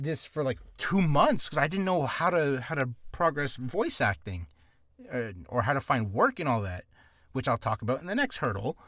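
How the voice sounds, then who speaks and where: A man's voice: on the high side, fairly bright tone, no echo, studio quality. A man teaching voice acting in a casual tutorial, rambling with asides and poking fun at himself. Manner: rambling and self-deprecating, full of asides.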